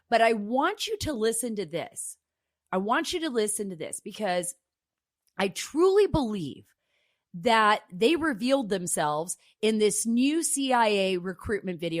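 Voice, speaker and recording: A woman's voice: medium pitch, no echo, clean studio sound. A middle-aged woman hosting a political talk show, emphatic and exclamatory, firing off rhetorical questions.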